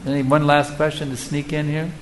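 A man's voice: a little high, level tone, brisk, a little hiss or hum, rough recording. A man who is a spiritual teacher, answering audience questions in a devotional lecture. He speaks rhetorically and emphatically, often asking his listeners questions.

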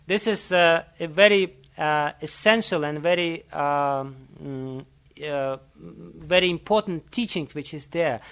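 Earnest higher-voiced man preaching. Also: a bit bright. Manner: earnest, laughs often, pauses with ums. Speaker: religious teacher. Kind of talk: sermon with storytelling.

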